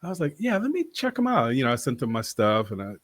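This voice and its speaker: A man's voice: mid-range voice, wildly swooping pitch, fast, no room sound. A man from Boston, an actor guest telling stories in a casual interview, rambling and laughing often.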